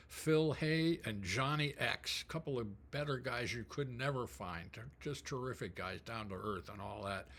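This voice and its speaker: An older man telling a personal memory in a casual, rambling way, full of fillers and throat clearing. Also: mid-range voice, fairly bright tone. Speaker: storyteller. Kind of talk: casual storytelling.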